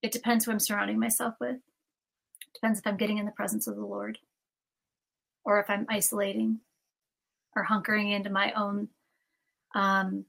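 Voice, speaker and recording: A woman co-hosting a casual faith-based podcast chat, animated and prone to repeating phrases, laughing often. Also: mid-range voice, normal speed, creaky, long pauses. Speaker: podcast co-host.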